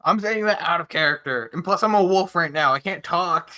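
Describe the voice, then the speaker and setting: A joking player at the gaming table who keeps throwing in wisecracks. Their voice sits at a plain middle pitch. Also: brisk, bright, forceful tone. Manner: jokey, wisecracking. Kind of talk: tabletop game play.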